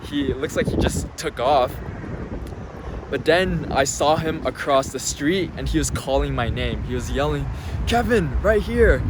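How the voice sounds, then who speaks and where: A man casually telling a personal story to camera outdoors by a city street, chatty and full of filler words. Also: mid-range voice. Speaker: vlogger. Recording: noisy outdoor street traffic. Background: passing cars.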